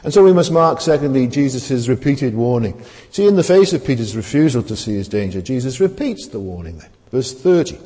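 A man's voice: mid-range voice, expressive, moderate pace, dark tone. A man preaching a sermon in a conversational way, with many rhetorical tag questions and restarts. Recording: long hall reverb.

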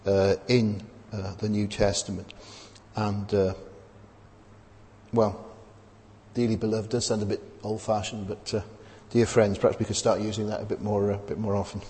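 A man's voice: medium pitch, a little mellow, big-room sound. A man preaching a sermon in a conversational, hesitant way, often restarting and adding rhetorical tag questions.

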